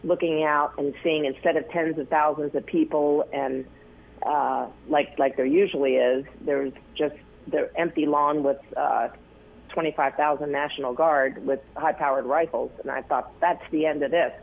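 Man, gravelly husky voice, slightly high pitch, rambling interview guest, thin phone-line sound. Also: fairly even intonation, normal speed. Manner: rambling, many fillers and restarts. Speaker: news photographer, interview guest. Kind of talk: casual interview storytelling.

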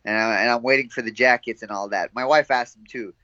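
A young man being interviewed as a fighter, laughing often and telling animated stories with quoted voices. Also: mid-range voice, fast, dry recording, lo-fi sound. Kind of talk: casual interview chat.

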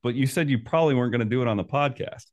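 A man's voice: medium pitch, racing, darkish tone, highs cut off. A man hosting a podcast, asking questions in an upbeat, chatty way. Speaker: podcast host. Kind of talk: casual podcast interview.

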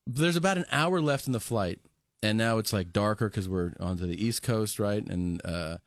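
A man, a comedian guest on a talk show, telling a story animatedly in a quick flow of quoted dialogue. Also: on the low side, dry recording, clean studio sound.

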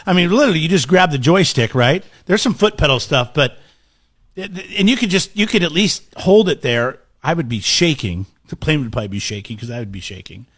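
A man's voice: fairly high pitch, lively intonation, a little fast, fairly bright tone, husky, no room sound, studio quality. A man co-hosting a morning radio show, chatting casually and introducing clips.

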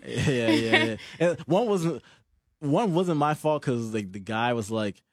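Young guy telling a story, animated, lots of "like", dry close sound. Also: medium pitch, unhurried, no room sound. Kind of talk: casual chat, storytelling.

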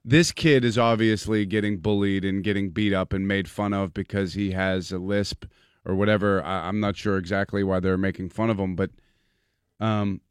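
Male radio co-host with an earnest, halting delivery and restarts, close dry studio mic. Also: sits low, steady tone, clear, resonant tone, no room sound. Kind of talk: casual morning radio banter. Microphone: studio microphone.

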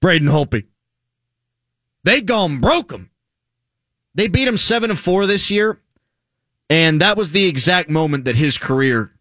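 A man hosting a sports talk radio show, sarcastic and animated, reading stats with mock drama in casual banter. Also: fairly high pitch, no echo, clean studio sound.

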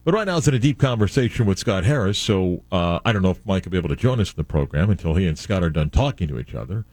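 Man, sports radio host, low pitch, dry close sound, chatty with fillers. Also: expressive, fast talker, a little mellow, no room sound. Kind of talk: casual sports talk.

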